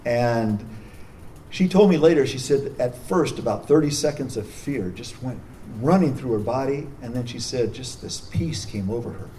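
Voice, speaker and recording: A man's voice: mid-range voice, lively intonation, moderate pace, mellow. A middle-aged man, a prison chaplain, telling his story in a folksy, self-deprecating way. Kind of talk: storytelling talk. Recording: distant mic with faint noise.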